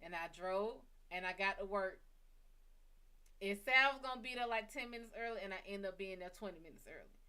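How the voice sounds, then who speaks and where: A woman with a medium-pitched, clean voice speaks fairly quickly as she hosts her own psychic reading show. She's a psychic reader telling a personal story bluntly and casually, cursing heavily throughout a lively retelling.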